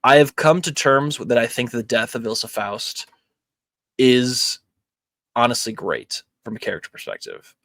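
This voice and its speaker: A man's voice: mid-range voice, moderate pace, creaky, dry recording. A young man hosting a movie podcast, chatting casually with lots of ums and likes. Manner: relaxed, filler-heavy, many ums and likes. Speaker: podcast host. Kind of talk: casual movie review chat.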